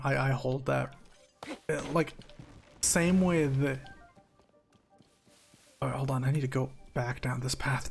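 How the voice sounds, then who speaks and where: A man's voice: medium pitch, vocal fry. A young man streaming, telling a story while gaming, heated and swearing freely with frequent restarts.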